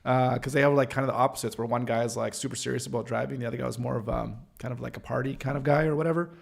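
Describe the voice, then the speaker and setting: A man talking loosely to his livestream audience, his voice carrying a gravelly, fried edge at a middling pitch. He wanders from thought to thought, trailing off and restarting with lots of "uh"s, and jokes at his own expense. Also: steady tone, rapid-fire. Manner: rambling, full of fillers and restarts; joking, self-deprecating. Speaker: livestream host. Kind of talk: casual livestream chat with viewers.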